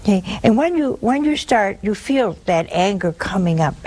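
A woman's voice: medium pitch, animated, normal speed, darkish tone, rough recording. An older woman hosting a religious call-in show, giving earnest spiritual counsel and repeating words for emphasis.

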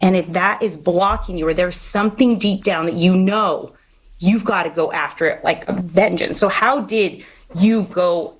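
A woman's voice: on the low side, normal speed, breathy edge, low-quality recording. A woman hosting a faith-based podcast, talking earnestly and encouragingly like a short sermon. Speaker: podcast host. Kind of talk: faith-based interview chat.

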